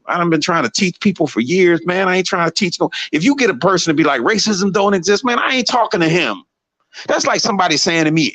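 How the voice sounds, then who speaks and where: A man talking casually on a live stream, animated and heated, repeating himself as he makes his point. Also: medium pitch, no echo. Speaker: guest on a live show.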